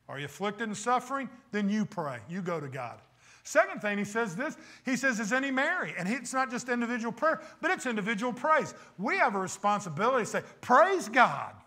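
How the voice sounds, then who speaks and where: A man's voice: high-pitched, pushed and bright. A man preaching a sermon as pastor, emphatic and full of rhetorical questions, with wry, teasing asides.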